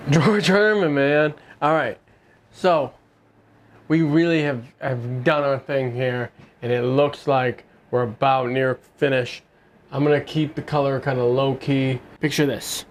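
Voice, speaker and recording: A man's voice: on the high side, slight background noise. A man in his studio, talking casually and rambling with jokey asides while he paints. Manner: rambling, loose, lots of "like" and restarts, jokey asides. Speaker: painter and video host. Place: art studio.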